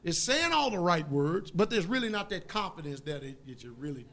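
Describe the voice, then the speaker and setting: A man preaching a sermon in a folksy, emphatic way, drawing call-and-response from the congregation and rising to loud outbursts. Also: a little high, sing-song, fairly quick.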